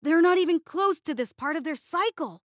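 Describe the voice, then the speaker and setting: A woman's voice: very high voice, animated, moderate pace, dry recording, clean studio sound, pitched above the performer's own voice. A woman voicing a flustered, hot-tempered male alien cook who mutters to himself and cries out in panic, in a storybook narration. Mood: horrified.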